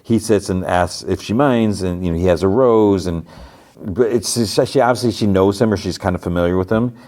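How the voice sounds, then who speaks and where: A man's voice: sits low, brisk, warm tone. A man hosting a podcast, casually retelling TV episodes in a rambling way, full of fillers. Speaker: podcast host.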